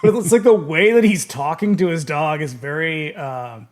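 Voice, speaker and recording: A man's voice: a little high, moderate pace. A man co-hosting a podcast, chatting casually about films and trading trivia, with lots of "like". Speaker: podcast co-host. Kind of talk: casual movie chat.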